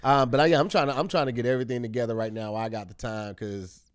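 A man co-hosting a comedy podcast, talking casually and reading an ad, animated and often laughing. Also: racing, clean tone. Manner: animated, acts out quotes in high voices, laughs often. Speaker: podcast co-host. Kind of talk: casual comedic chat and host-read ad.

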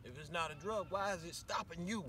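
An actor playing a loud, bossy football coach in a web series, barking orders in folksy slang. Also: male voice, a little high, brisk, far from the mic, crowd noise, natural voice. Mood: stern.

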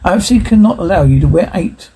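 A prim official who apologizes while sticking to the rulebook, read aloud by a man. The voice is mellow, very husky and slightly high. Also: expressive, rapid-fire, full character voice, rough recording. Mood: apologetic.

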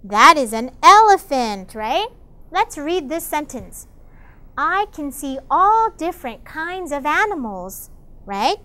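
Excited woman teaching kids a storybook, swoopy voice, gasps a lot. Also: sits high, slow. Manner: enthusiastic, gasps often, explains in Korean. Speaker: English teacher reading a picture book. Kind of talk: bilingual storybook lesson for children.

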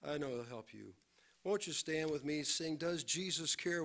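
A man preaching a sermon and leading prayer as a pastor in a church, moving between hushed, low lines and raised, fervent appeals. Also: animated, moderate pace, creaky. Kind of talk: sermon with closing prayer and altar call. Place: church sanctuary.

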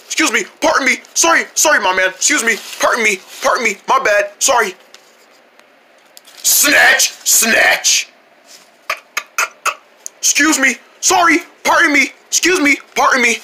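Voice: high-pitched, lively intonation, bright, forceful tone, slight background noise, full character voice. A voice actor doing a sneaky blanket thief. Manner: sneaky, rapid polite mumbling apologies. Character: sneaky blanket-snatching cartoon sibling. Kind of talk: cartoon voice acting.

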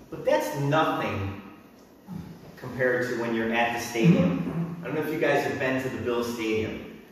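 Animated preacher man in an echoey hall. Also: medium pitch, a little hiss or hum. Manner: animated, acts out chanting crowds and drill sergeants with sudden shouts. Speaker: pastor. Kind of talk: sermon. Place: church sanctuary. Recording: echoey hall, mic from a distance.

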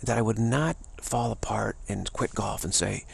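Raspy gravelly guy rambling thru a talk, lots of restarts. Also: mid-range voice, brisk, hardly any pauses. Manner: rambling, many restarts and stammers, laughs often. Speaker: spiritual teacher. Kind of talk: casual spoken talk.

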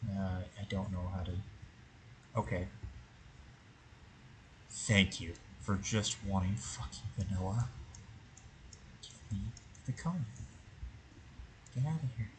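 A man's voice: fairly low pitch, a little hiss or hum, rough recording. A man hosting his own gaming channel, muttering and cursing to himself through a game, then wrapping up with commentary for viewers. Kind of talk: gameplay commentary.

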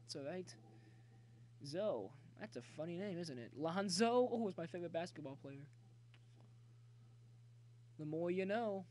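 High-voiced excitable male game streamer. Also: unhurried, pauses often. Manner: excitable, cheers and yells at the game; talkative, jokey banter with viewers. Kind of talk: live gameplay commentary.

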